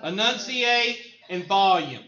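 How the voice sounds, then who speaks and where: A man's voice: sits high, expressive, slow pace, sharp tone. A man teaching a math class, joking and drawling as he goes. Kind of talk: classroom lecture. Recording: echoey room, dull lo-fi sound, faint noise.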